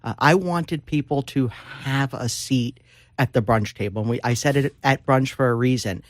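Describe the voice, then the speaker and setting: A man at a middle pitch, talking as a guest author in a casual interview. He tells stories with animation and a lot of fillers. The room is dry and close. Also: moderate pace, no echo.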